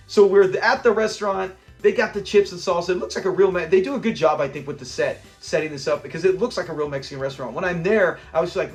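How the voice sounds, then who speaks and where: A man's voice: on the high side, fast talker, few pauses, soft background music. A man hosting a casual episode breakdown. He talks with enthusiasm and acts out the lines he quotes. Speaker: show host.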